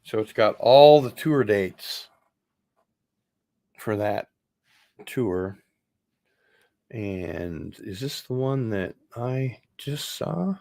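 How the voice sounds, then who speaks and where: Brief: male vlogger, low voice, slow easygoing unboxing chat, rambling asides. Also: gravelly. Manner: relaxed, rambling, offhand asides.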